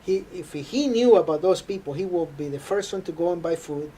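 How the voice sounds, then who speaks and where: A man telling an earnest, halting faith testimony. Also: fairly high pitch, warm tone, a little hiss or hum. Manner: halting, earnest storytelling with frequent hesitations. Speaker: interview guest.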